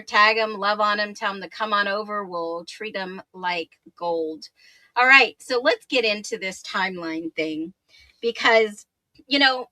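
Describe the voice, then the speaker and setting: A woman hosting a true crime livestream, chatty and upbeat, laughing often and greeting viewers by name, her voice a little hoarse. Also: mid-range voice, sharp tone, no room sound. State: slightly hoarse voice. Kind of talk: casual livestream chat, reading viewer comments.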